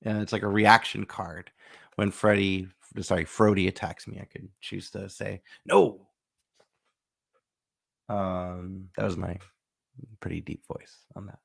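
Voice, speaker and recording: Gravelly man narrating a tabletop playthrough. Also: deep voice, flat delivery, moderate pace, fairly bright tone. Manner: chatty, thinks aloud, acts out little bits. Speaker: board game host. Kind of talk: casual solo board game playthrough.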